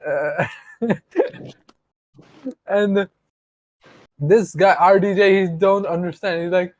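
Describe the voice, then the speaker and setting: A man's voice: high voice, slow pace, long pauses, darkish tone, rough recording. A man co-hosting a podcast, rambling in casual chat, swearing freely and laughing often. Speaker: podcast co-host.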